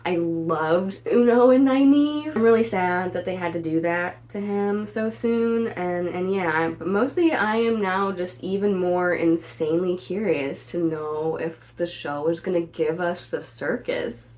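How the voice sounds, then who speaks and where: A woman's voice: fairly low pitch, a little slow, hardly any pauses. Chatty woman reviewing a fantasy show. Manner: chatty and animated, frequent "like" fillers; outspoken, swears in mock outrage. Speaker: video reviewer.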